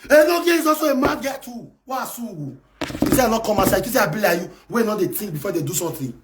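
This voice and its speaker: A man with a Nigerian accent ranting on a live stream, shouting, scolding and taunting. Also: high voice, expressive, quick pace, noisy background. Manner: shouting, scolding and taunting in Pidgin-laced English. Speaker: live video host. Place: abroad in France.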